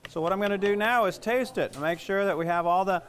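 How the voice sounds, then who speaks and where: A middle-aged chef with a Southern US accent talks through a recipe in a loose, rambling way, joking about himself as he goes. His voice sits a touch high for a man. A faint hum runs under the recording. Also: quick pace. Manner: chatty, rambling, self-joking. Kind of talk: casual cooking demonstration.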